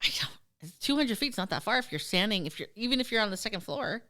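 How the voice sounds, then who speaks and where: Woman podcast host, bright and smooth, swings her pitch a lot, swears freely. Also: fast. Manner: animated, profane, acts out quoted voices. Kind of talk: casual storytelling chat.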